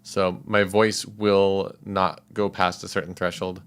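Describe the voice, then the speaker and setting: A man's voice: sits low, little pitch movement, slow, fairly bright tone, clear, resonant tone. A man livestreaming as a composer, talking casually and rambling with many fillers and chuckles.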